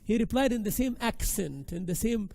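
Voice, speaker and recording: Male teacher, high-pitched and animated, talks casually with his class and acts out examples. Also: moderate pace, vocal fry. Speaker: Islamic studies teacher. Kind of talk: classroom lecture.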